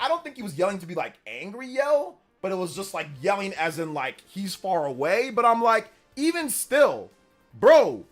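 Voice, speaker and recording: A man hosting a live stream, telling stories in a casual, animated and slangy way. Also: sits high. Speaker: streamer host. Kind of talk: casual livestream chat.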